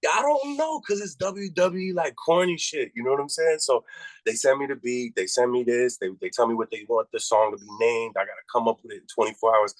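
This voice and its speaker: A man from Massachusetts, a rapper guest, telling a story in casual, profane talk and jumping high in pitch when he quotes his own reactions. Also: fairly quick, no room sound, poor audio.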